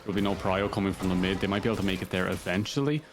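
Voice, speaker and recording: A man's voice: low voice, very fast, noisy background. A man casting a live esports match, rattling off play-by-play with rambling asides. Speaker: esports caster. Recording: music playing underneath.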